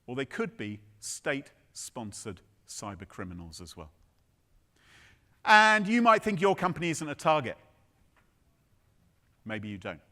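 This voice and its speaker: Lively man telling a comic keynote. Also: mid-range voice, measured pace, long pauses. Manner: playful, theatrical storytelling with asides. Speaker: keynote speaker. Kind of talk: humorous conference keynote. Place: conference stage before an audience.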